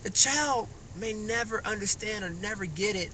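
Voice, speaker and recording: A man ranting casually on a phone livestream, rambling with many fillers and animated rises. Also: high-pitched, moderate pace, poor audio. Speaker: vlogger. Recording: phone mic with faint car noise.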